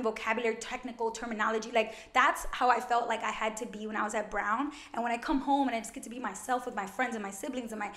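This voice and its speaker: A loud, animated woman around thirty from Brooklyn chats quickly as an interview guest. Her voice sits a little high. The room gives it a roomy echo. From Brooklyn, New York. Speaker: guest, financial educator. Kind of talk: casual interview chat.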